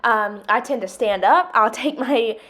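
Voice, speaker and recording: A woman's voice: on the high side, a little slow, fairly bright tone. A woman, chatting casually in a home vlog, rambling with lots of fillers. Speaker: vlogger.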